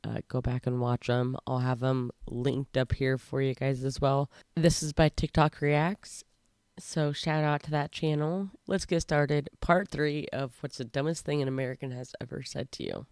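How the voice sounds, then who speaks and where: A woman hosting a casual reaction video, chatty and excitable. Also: rumbling low, normal speed, smooth, no echo, studio quality. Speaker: YouTube reaction host.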